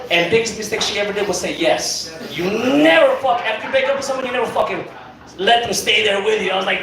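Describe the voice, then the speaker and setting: A young man with a high voice does a rambling, profane stand-up set, heavy on fillers. The sound is very echoey, with the mic picked up from a distance and a crowd audible behind him. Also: expressive, a little fast. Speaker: stand-up comedian. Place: comedy club stage. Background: audience laughing.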